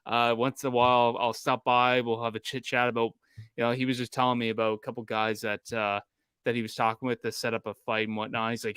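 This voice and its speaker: Rambling Canadian man, smooth dry voice. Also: mid-range voice, flat delivery, fast talker, a bit bright, no echo. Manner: rambling, with many restarts and quoted voices. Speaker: podcast co-host. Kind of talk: casual podcast chat.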